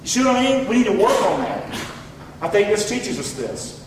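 A man's voice: high-pitched, normal speed, slight background noise. Man preaching in an echoey hall. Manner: animated preaching, quotes scripture in dramatic voices, jokes with congregation. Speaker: pastor. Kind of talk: sermon. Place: church sanctuary. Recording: echoey hall, mic at a distance.

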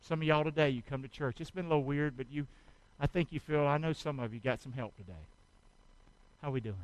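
A man's voice: on the high side, quick pace, rough recording. A man preaching a sermon in church, exhorting and calling on the congregation to answer back while he works through a demonstration. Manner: exhorting, calls for congregation response; out of breath from effort. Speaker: pastor.

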